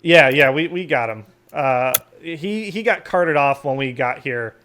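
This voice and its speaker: A man with a slightly high voice running a tabletop role-playing session. He narrates loosely and conversationally, with plenty of fillers and restarts. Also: expressive, a little slow, pushed and bright, a little hiss or hum. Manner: casual, rambling, lots of fillers. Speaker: substitute game master.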